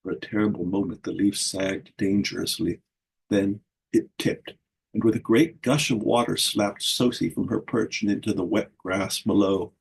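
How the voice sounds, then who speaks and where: A man's voice: fairly low pitch, creaky, darkish tone, a little hiss or hum, poor audio. A man reading a whimsical fairy story aloud at a book launch, giving the characters their own voices.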